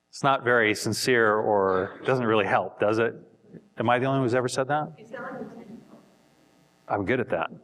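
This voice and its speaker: Low-voiced man teaching a marriage seminar. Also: a bit bright. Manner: hesitant, repeats words, plainspoken.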